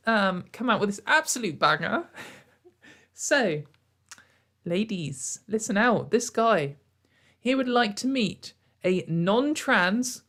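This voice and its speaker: A woman hosting a casual commentary show, mocking what she reads out and laughing often. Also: medium pitch. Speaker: commentary channel host.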